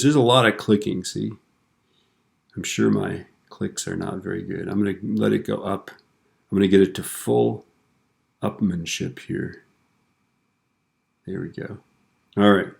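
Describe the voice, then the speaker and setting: Low gravelly male teacher. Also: moderate pace, pauses often. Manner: relaxed, tells corny jokes, frequent tag questions. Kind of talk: screen-recorded software lesson.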